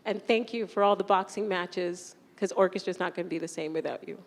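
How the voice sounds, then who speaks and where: A woman's voice: fairly low pitch, brisk. A young woman teacher giving an emotional, fond farewell speech to her graduating students, holding back tears and laughing between lines. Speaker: orchestra teacher. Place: large concert hall. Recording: echoey hall reverb.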